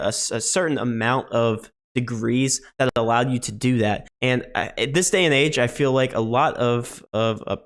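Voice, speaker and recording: A sports betting channel host in his twenties talks earnestly to his viewers in a personal vlog. His mid-range voice is nasal from illness, and he often repeats words while gathering his thoughts.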